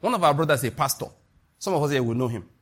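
A Nigerian pastor delivers a sermon at a racing clip, his voice a bit high for a man with a husky edge. Preaching with emphatic, animated energy, he leaps sharply up in pitch whenever he drives a point home.

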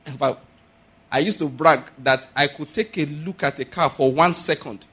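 Husky man preaching. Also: moderate pace. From Nigeria. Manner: preaching with sudden rises to loud, high emphasis and laughter. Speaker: pastor. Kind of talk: sermon.

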